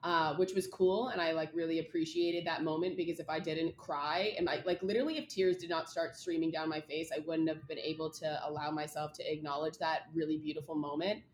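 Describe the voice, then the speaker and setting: A young woman with a lowish voice shares things openly in a rambling, casual way, leaning on "like" a lot. She co-hosts a chat podcast. The room around her is echoey, with a faint background hum. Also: steady tone, fairly quick, hardly any pauses. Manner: candid, rambling, lots of "like". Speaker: podcast co-host.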